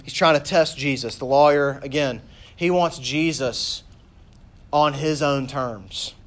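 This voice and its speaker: Male preacher, sermon delivery, emphatic, repeats points, slightly high pitch.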